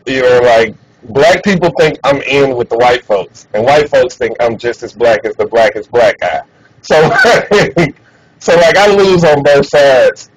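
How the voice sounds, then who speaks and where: A man streaming and chatting casually, animated and profane, laughing often. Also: mid-range voice, measured pace, slight background noise, low-quality recording. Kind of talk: casual chat.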